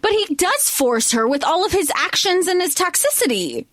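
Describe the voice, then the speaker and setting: Podcast co-host, woman; expressive, wry, dry close sound. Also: extremely high pitch, moderate pace, no echo. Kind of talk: casual movie recap chat.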